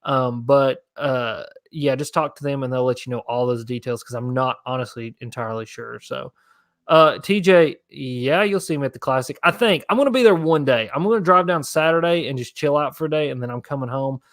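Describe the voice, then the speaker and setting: A young man chats loosely through viewer questions on a fishing livestream. His voice sits at a middle pitch and is recorded close and dry, with no room sound. He rambles easily and stays casual. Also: brisk, a bit bright, no room sound. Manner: laid-back, rambling, answering viewer questions. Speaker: fishing channel host.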